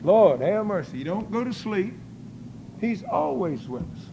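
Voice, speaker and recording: An older man preaching a testimony sermon in folksy storytelling style, breaking into loud praise. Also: high voice, big pitch swings, a little slow, creaky, a little hiss or hum, rough recording.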